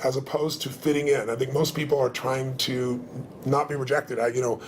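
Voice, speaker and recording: Fast, emphatic middle-aged man. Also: medium pitch, little pitch movement, slight background noise. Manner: emphatic, fast, repeats words at starts. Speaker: guest, motivational speaker. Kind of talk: casual interview talk.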